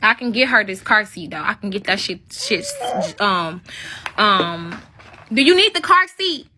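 A woman's voice: medium pitch, lively intonation, normal speed, noisy background. A woman in her twenties giving a profane, mocking commentary rant and repeating taunting questions. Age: 20s. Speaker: commentary vlogger. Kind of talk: ranting commentary.

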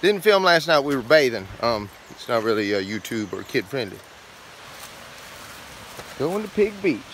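A man vlogging casually outdoors by a creek, excited and playful, talking into a handheld camera. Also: mid-range voice, normal speed, a little hiss or hum, rough recording. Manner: excited, playful, sing-song. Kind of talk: casual trail vlog chat.

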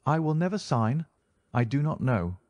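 A man's voice: mid-range voice, sing-song, normal speed, darkish tone, dry recording, close to an everyday voice. A man voicing a starved, defiant Greek prisoner who gives curt, stubborn answers in a storybook reading.

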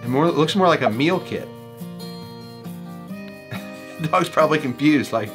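Lively-voiced man joking over animal clips. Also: on the high side, moderate pace. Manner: playful, laughs often, jokes about the animals. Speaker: reaction video host. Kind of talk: casual commentary. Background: music playing.

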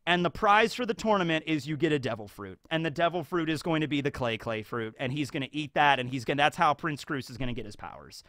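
A man's voice: fairly high pitch, fast talker, hardly any pauses. A man giving casual, rambling fan commentary as a YouTube commentator, full of fillers. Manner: rambling, filler-heavy, animated.

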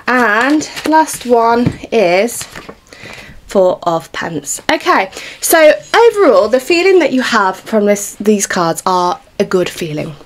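A woman's voice: mid-range voice, sing-song, slow pace, noisy background. A British woman talks through a tarot reading in a casual, chatty way, reassuring her viewers as she goes. She sounds a little out of breath throughout, her pregnancy pressing on her lungs. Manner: chatty, reassuring, informal with occasional swearing. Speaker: tarot reader.

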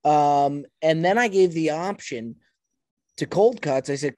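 A man hosting a casual podcast, pressing his points with emphatic repetition and cutting in on the others. His voice sits a little high. The sound is dry and close. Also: measured pace, a little mellow, no room sound. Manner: emphatic, talks over others, repeats himself. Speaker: podcast host.

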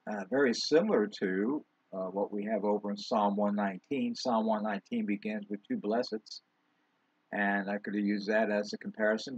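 A male pastor delivers his sermon in a relaxed, conversational manner, stopping for asides and fillers. His voice is slightly husky and sits in a middle range. The recording is dry and dull, with little top end. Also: mid-range voice, dry recording. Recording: dull, lo-fi sound.

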